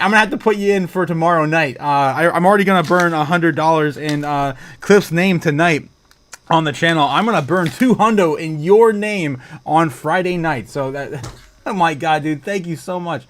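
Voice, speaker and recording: A man hosting a casual livestream, reading viewer comments aloud, excitable and laughing often. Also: fairly high pitch. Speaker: livestream host.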